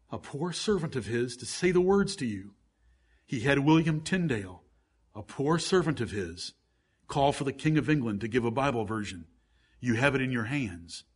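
A middle-aged man preaching a sermon, pressing his listeners with fervent pleading that builds to loud climaxes. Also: mid-range voice, slightly rough. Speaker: pastor.

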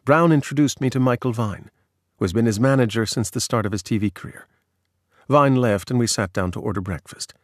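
A man in steady, measured scripted narration of a magazine article. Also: medium pitch, no room sound, studio quality.

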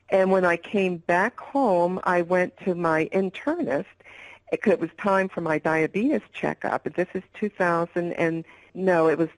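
A woman's voice: lowish voice, dry recording, low-quality recording. An older woman, an interview guest, candidly telling her own health story in a rambling way with restarts.

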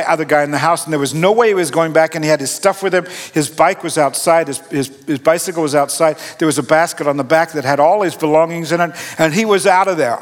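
A middle-aged man gives a sermon in a chatty, self-deprecating storytelling manner. His voice sits a little high for a man and turns animated when he acts out the scene. The sound carries a long echo, as if from a large church hall. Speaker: pastor.

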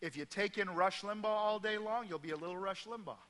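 A middle-aged Midwest American pastor preaching from the stage, his voice high and ringing. He hammers his points through repetition, then drops suddenly to a hushed tone. The sound carries a long reverb from the big church hall. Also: fairly quick. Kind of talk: sermon.

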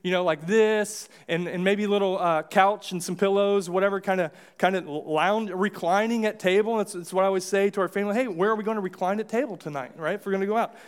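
A man's voice: high-pitched, steady tone, fairly quick, few pauses, clean tone. A man with an American accent preaching a sermon in a church, casual and conversational, with many restarts and acted-out asides. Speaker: pastor. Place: church sanctuary.

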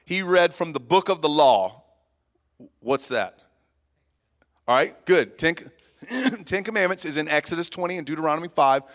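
A man preaches in an easy, joking, chatty way. His voice sits at a middle pitch, and he keeps clearing his throat between lines. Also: a bit bright. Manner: casual, joking, conversational. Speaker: guest preacher. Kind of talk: sermon.

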